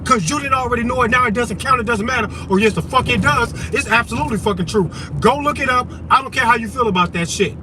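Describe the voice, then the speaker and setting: A man vlogging an impassioned, profane political rant to the camera, loud and emphatic, with a faint vehicle rumble behind him. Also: fast, hardly any pauses.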